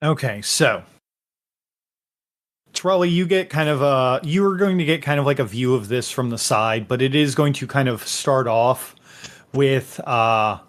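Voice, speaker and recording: Guy running a tabletop game, slow, rambling, lots of um and like. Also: mid-range voice. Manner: rambling, halting, full of fillers. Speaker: game master.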